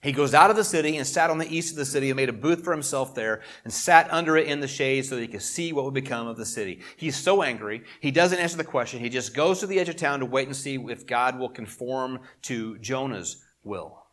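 Middle-aged male pastor, conversational sermon delivery, punches key points then drops low for asides. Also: brisk, few pauses. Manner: conversational preaching with emphatic swells and quiet asides.

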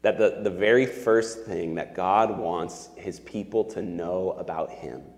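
A man's voice: deep voice, darkish tone. A man in his thirties preaching a sermon as pastor, earnest and conversational, talking to his church on a Sunday morning. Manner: conversational, earnest, with fillers like "like" and "right?". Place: church sanctuary. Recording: long hall reverb.

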